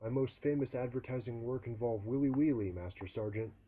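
A man as a recruit shouting at attention. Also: mid-range voice, fairly quick, breathy edge, pitched above the performer's own voice, lightly acted, low-quality recording. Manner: shouted, formal answers.

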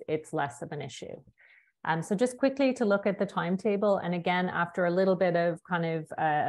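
A woman with a low voice talks through a funding workshop on a webinar. Her explanations are conversational and loosely phrased, heard through a computer mic on a video call. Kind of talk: webinar presentation.

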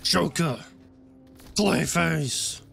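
A man doing an over-the-top gravelly impersonation of Batman, a gruff brooding male caped vigilante, while playing a game. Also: a little high, extremely slow, fairly bright tone, soft background music, voice pushed up, full character voice. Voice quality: gravelly growl.

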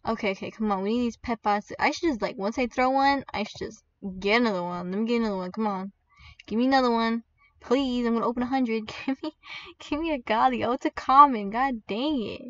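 An excitable woman chatting over her gameplay in a slightly high voice, chatty and quick to squeal. Her voice comes through a dull, lo-fi mic set a bit back from her. The sound is dry, with no room around it. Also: no room sound, far from the mic. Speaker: gaming video creator. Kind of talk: gaming commentary.

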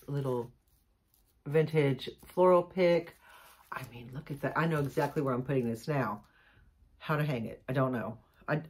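A middle-aged woman, gushing and excitable as she chats casually to the camera about a haul. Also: deep voice. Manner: gushing, excitable, says y'all a lot. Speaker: vlogger showing a haul.

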